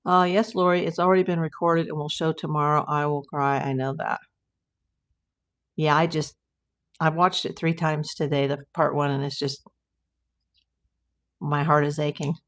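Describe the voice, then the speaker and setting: Woman, low voice, private investigator, casual live-stream host, chatty, reads and answers viewer comments. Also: level tone, normal speed, long pauses. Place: home.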